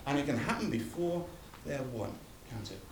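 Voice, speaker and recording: A man's voice: mid-range voice, lively intonation, normal speed, vocal fry, background noise. A man preaching a sermon, emphatic and building through repeated phrases, recorded from a distance in a church hall. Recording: echoey hall from far off.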